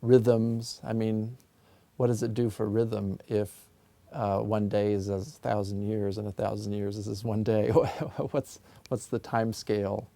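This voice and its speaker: Interviewee: a man with a gravelly voice in a dry office, an unhurried composer who explains his ideas thoughtfully. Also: lowish voice, level tone, dark tone, no room sound. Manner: thoughtful, musing, explains with sung sound examples. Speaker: composer and music theorist being interviewed.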